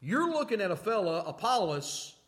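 A man's voice: high-pitched, big pitch swings, normal speed, fairly bright tone, breathy edge. A male pastor preaching a sermon, emphatic, repeating phrases and asking the congregation questions.

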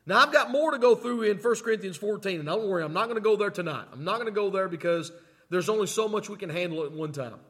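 Emphatic high-voiced preacher man. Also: fast, fairly bright tone, breathy edge. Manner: emphatic, repeats phrases, asks the congregation questions. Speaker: pastor. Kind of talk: sermon.

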